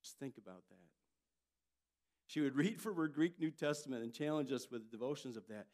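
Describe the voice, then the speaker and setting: An older man, a pastor, preaching a sermon and telling family stories with lively jumps in loudness. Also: mid-range voice, fairly quick. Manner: storytelling, animated delivery with jumps in loudness.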